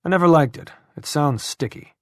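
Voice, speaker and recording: A man doing a gruff older colonel. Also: fairly high pitch, moderate pace, a bit bright, no echo, clean studio sound, voice pushed up, close to an everyday voice. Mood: brusque. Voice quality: dusty, hawking throaty voice. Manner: clipped commands, blunt. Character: gruff older male army colonel, brusque.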